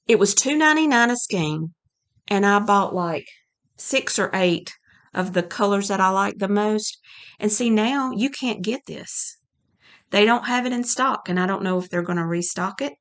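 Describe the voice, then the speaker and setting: A woman chatting casually to camera at home about her crafting, gushing and enthusiastic, a little out of breath, rambling with restarts. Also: mid-range voice. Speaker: crafting vlogger. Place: home, by a yarn closet.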